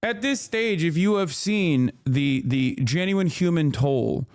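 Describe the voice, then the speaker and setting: A man streaming live, reacting to a clip and arguing his point in a heated, sarcastic way with quick restarts and fillers. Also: on the high side, lively intonation, smooth. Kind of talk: casual stream commentary.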